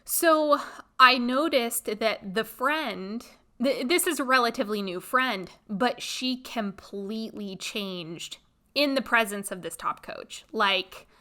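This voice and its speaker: Slow, bright-voiced woman telling a story. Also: on the high side. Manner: blunt, expressive, animated storytelling. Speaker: podcast host. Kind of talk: casual storytelling monologue.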